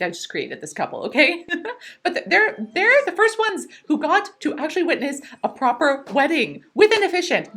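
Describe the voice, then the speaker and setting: A young woman talks through her gameplay in a high voice that swings widely up and down. She is excitable and giggly and breaks into squeals of delight. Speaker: gaming YouTuber. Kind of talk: casual gameplay commentary.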